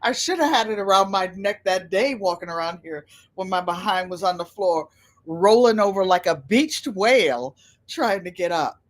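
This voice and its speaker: A woman's voice: mid-range voice, animated, moderate pace. An older woman chatting casually on a livestream, rambling from story to story and greeting viewers by name. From United States. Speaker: livestream host.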